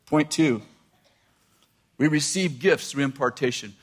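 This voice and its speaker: An older man preaching a sermon, animated and laughing often as he quotes scripture. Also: on the high side, unhurried. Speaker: pastor.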